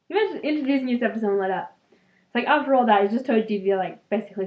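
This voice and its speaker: A woman's voice: a little high, lively intonation, racing, reverberant, highs cut off. A young woman, a student, casually reading a book aloud and breaking off for chatty, giggly asides full of fillers.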